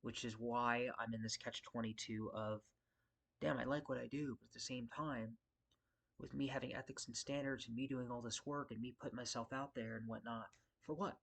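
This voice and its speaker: A man's voice: medium pitch, fairly even intonation, normal speed, creaky, fairly bright tone. A man who works as a security guard, venting in a casual vlog, frustrated and profane, rambling and circling back to his points. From Las Vegas area.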